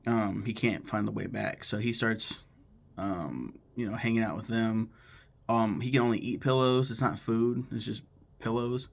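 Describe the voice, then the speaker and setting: A man's voice: lowish voice, fairly even intonation, creaky. A man in his thirties talking casually to camera, rambling and swearing as he retells plots and acts out lines. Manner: swears freely, rambles, acts out characters' lines in quick voices. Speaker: YouTuber ranking favorite cartoons.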